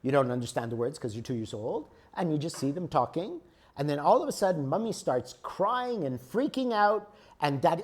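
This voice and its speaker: A man's voice: on the high side, lively intonation, normal speed. A man lecturing a group on emotions, explaining with everyday examples and often checking in with "okay?". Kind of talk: spiritual teaching lecture.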